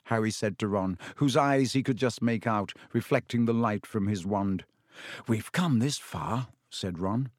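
A man reading a children's novel aloud as the narrator, in a measured, steady storytelling manner. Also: medium pitch, dry recording, studio quality. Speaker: audiobook narrator. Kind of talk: scripted narration.

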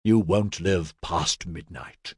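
A man's voice: low-pitched, expressive, moderate pace, breathy edge, dry recording, studio quality. A man voicing a proud, bitter ousted noble who speaks haughtily and spitefully. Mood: furious.

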